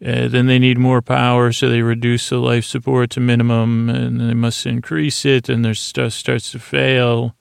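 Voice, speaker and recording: A man hosting a sleep podcast, recapping an episode in a rambling, halting way full of fillers and restarts. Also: mid-range voice, monotone, dry recording. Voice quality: gravelly, creaky. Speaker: podcast host retelling an episode.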